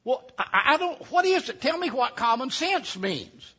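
A storyteller voicing Arzie, a simple, puzzled country brother. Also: male voice, very high voice, very animated, moderate pace, bright, forceful tone, breathy edge, voice pushed up, exaggerated voice. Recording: dull lo-fi recording.

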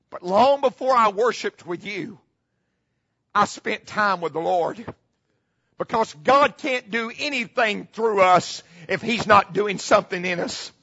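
A middle-aged male pastor preaching a sermon, repeating key phrases and dropping into hushed tones. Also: high voice, husky. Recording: muffled, slightly lo-fi.

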